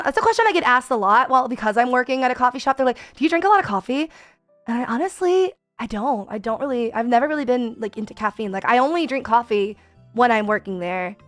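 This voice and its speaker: High-voiced rambling woman streamer. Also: fairly bright tone, no room sound. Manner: rambling, many fillers, reads chat aloud. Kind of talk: casual chat with chat readers.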